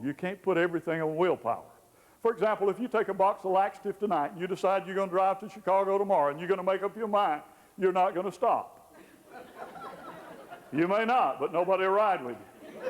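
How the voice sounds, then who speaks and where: A man gives a folksy teaching talk, playfully voicing the people in his examples. His voice sits high for a man. It rings out with a long reverb, as in a big hall. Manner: folksy, acts out quoted people with humor. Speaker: Christian counselor teaching.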